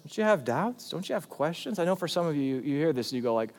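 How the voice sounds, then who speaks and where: A man's voice: a little high, very animated, quick pace, long reverb tail. A male pastor preaching a sermon in a church, talking conversationally and then pressing hard on key points. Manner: conversational, emphatic preaching with big swings in loudness.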